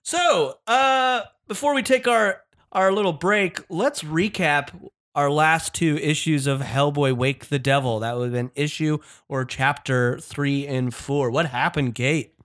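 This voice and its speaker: A man co-hosting a podcast, thanking listeners and steering the talk in a friendly, halting way with fillers. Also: fairly high pitch, fairly bright tone. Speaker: podcast co-host. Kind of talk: casual podcast chat.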